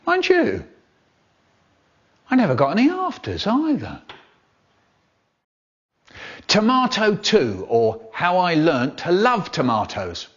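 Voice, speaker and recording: An older man, a poet and storyteller who performs poems and talks in a playful, highly expressive way, drawing out his words. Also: breathy edge, lo-fi sound. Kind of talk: expressive poetry performance and talk.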